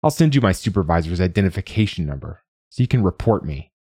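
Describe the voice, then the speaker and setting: A man voicing a tall, lonely younger man who speaks quietly and calmly. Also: low-pitched, quick pace, breathy edge, dry recording, studio quality, exaggerated voice. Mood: firm. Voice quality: quiet, soft-spoken.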